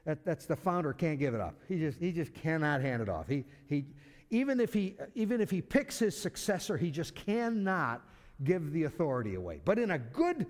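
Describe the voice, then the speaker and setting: Lively preacher man in a reverberant hall. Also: a little high, normal speed. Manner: conversational, repeats words as he restarts. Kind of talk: sermon.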